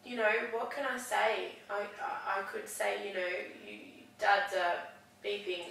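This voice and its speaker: Woman stumbling over her words in a counselling chat, bit gravelly, very roomy echo, kinda far off. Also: medium pitch, fairly bright tone, slight background noise. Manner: hesitant, halting, many restarts. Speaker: client seeking counselling. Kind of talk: counselling session conversation. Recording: echoey room, far from mic.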